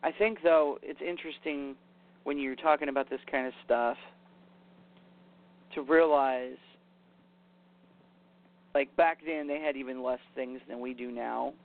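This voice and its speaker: Speaking at a measured pace in a gravelly mid-range voice with a steady tone and long pauses, a man gives a casual sermon that includes scripture reading. He paraphrases conversationally with "basically" and "you know," and the sound is tinny, like a phone.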